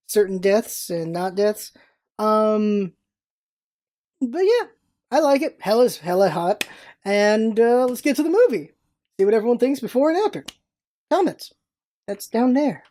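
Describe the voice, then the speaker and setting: Her voice sits on the high side, mellow and warm, as this young woman gushes through a chatty movie review on her vlog. She wanders and restarts a lot, frequently acting out the characters with quick, playful impressions.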